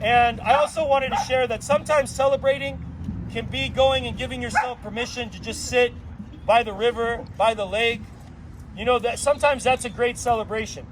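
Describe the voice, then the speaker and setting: A man leading a drum circle gathering, giving an inspirational talk, playful and animated, full of rhetorical questions. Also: very high voice, moderate pace, slight background noise, rough recording. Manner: asks frequent rhetorical questions.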